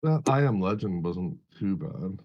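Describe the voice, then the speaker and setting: A man with a fairly low voice talks through his trades in an easygoing, wandering way. He swears offhandedly and keeps the tone loose and chatty. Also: unhurried, highs cut off. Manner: relaxed, rambling, swears freely. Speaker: trading stream host. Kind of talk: casual chat.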